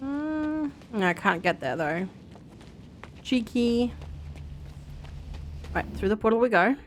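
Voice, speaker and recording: A woman's voice: on the high side, very animated, slow pace, slight background noise. Chatty woman streaming a game. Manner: chatty, thinking aloud. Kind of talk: casual game commentary.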